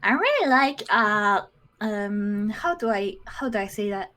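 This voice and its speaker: A woman's voice: medium pitch, lively intonation, a little slow, sharp tone. A woman taking part in a voice acting workshop, speaking hesitantly and searching for words. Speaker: workshop guest learning voice acting. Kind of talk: casual streamed chat.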